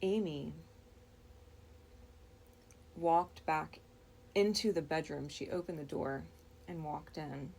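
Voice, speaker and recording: A woman with a low, gravelly voice tells of a dream she had. She talks very slowly and thoughtfully, pausing often and restarting her words as she goes. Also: steady tone, a little mellow. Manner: slow, reflective, with frequent pauses and restarts. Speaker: storyteller. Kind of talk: recounting a dream.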